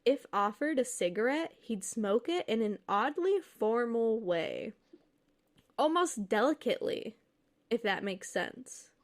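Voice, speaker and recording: A woman's voice: a little high, lively intonation, measured pace. A woman podcast co-host reading listener stories aloud, then joking and laughing with her co-host. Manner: reads steadily, then jokes and laughs freely.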